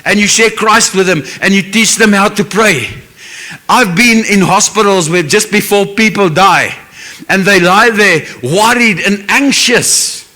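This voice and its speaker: A man's voice: high-pitched, measured pace, bright, forceful tone. A man with a South African English accent preaching a sermon as pastor, earnest and emotional, with Afrikaans phrases mixed in.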